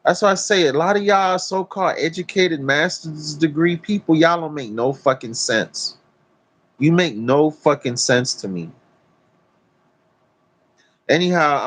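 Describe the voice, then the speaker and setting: A man vlogging outdoors, ranting bluntly to his phone camera with heavy swearing and a preachy tone. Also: medium pitch. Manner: profane, preachy, emphatic. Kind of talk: blunt talk-to-camera rant. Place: outdoors in nature.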